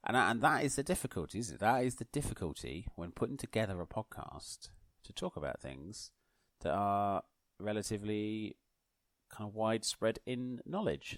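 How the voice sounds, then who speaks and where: Man, low voice, dry close sound, podcast host, mock-posh newsreader tone, rambling, self-mocking. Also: animated, moderate pace, no room sound. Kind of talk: solo podcast monologue.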